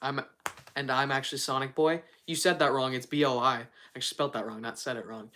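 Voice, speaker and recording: Low-voiced, rambling young woman streamer. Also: fairly even intonation, quick pace, fairly bright tone. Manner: rambling, giggly, stumbling restarts. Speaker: livestreamer. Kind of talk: casual chat.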